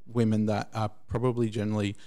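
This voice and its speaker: A man telling a long personal story in casual chat, rambling and halting, with frequent restarts. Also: lowish voice, little pitch movement, mellow. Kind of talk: casual anecdote.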